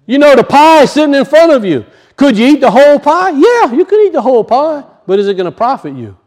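A male pastor preaching a conversational sermon, acting out little voices and dropping low for asides. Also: very animated, fast talker, darkish tone.

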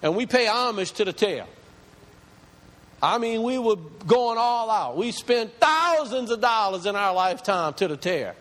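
Man preaching with high, lively pitch. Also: measured pace. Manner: impassioned preaching, rising pitch as he builds. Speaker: pastor. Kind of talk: sermon. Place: church hall. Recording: long reverb of a large hall.

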